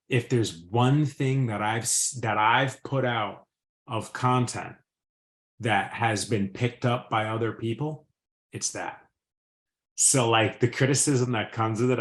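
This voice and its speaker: A man hosting a podcast, talking frankly and relaxed in casual chat. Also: fairly low pitch. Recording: roomy echo.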